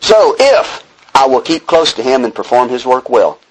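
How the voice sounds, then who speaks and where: A man's voice: medium pitch, sing-song, normal speed, poor audio. A man from Texas speaking at a recovery meeting. He preaches earnestly, reading a passage and then explaining it, with self-deprecating asides. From Texas, USA. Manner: self-deprecating humor with chuckles. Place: meeting room before a group.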